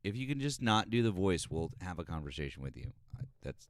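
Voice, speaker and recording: Male streamer host, wry and animated, low pitch, dry close mic. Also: brisk, no room sound. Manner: sarcastic, lively, exasperated. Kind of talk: casual live-stream chat.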